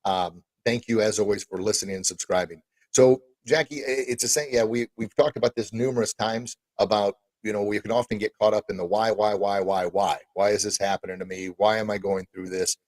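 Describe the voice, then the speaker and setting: An energetic man hosts a podcast interview, encouraging and quick to repeat himself. His voice sits a little low. The sound is dry and close. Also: dry recording. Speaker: podcast host.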